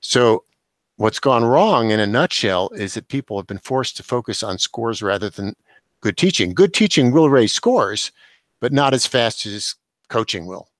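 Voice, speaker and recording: An older man, a professor and author, giving measured, explanatory answers as a guest in an interview. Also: mid-range voice, expressive, dry recording. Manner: measured, explanatory, occasional chuckle.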